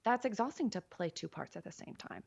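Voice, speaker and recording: A woman psychotherapist speaking as a podcast guest in a relaxed, chatty way, with many "like" and "you know". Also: medium pitch, fairly quick, creaky, breathy edge, muffled recording. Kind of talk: casual conversational interview.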